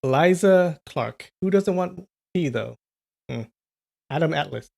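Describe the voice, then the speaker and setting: A man's voice: on the high side, slow, gravelly, pauses often. Chatty man reading a novel on stream. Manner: relaxed, chatty, reads viewer comments. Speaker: livestream storyteller. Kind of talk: reading a novel aloud with casual chat asides.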